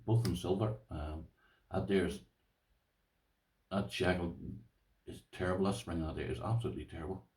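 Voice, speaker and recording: Showing off his locks to the camera, this man from Ireland wanders from point to point, addressing his audience as "boys" and pointing things out with "this here." His deep, slightly mellow voice keeps a fairly even line at normal speed with long pauses, picked up by a distant mic in an echoey room.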